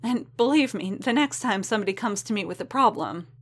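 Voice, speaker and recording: A woman's voice: medium pitch, animated, fairly quick, lightly acted. Woman doing a tearful alien barmaid. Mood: calmer. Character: anxious tearful young female alien barmaid.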